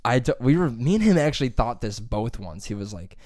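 A man's voice: mid-range voice, very animated, fairly quick, a little mellow, dry recording. Young man from Columbus for a casual podcast host, rambling, profane, laughs a lot, dry close mic. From Columbus, Ohio. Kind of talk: casual chat.

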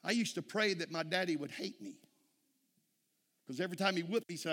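A man preaches a sermon with a folksy, storytelling manner. His voice sits a little high and sounds forceful and bright. The church hall around him leaves a long reverb. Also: fairly quick. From Texas. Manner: folksy storytelling, frequent "amen?" calls to the congregation. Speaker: pastor.

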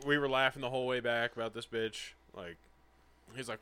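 A man's voice: a little fast, smooth. A young man co-hosting a casual podcast, telling a story with lots of swearing and acting out the people in it. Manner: animated, acts out quoted people with big pitch jumps, swears freely.

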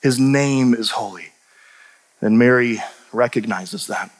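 A man preaching a sermon, animated and emphatic, often restarting his sentences. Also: mid-range voice, slow pace. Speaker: pastor and teacher. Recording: long reverb of a large hall.

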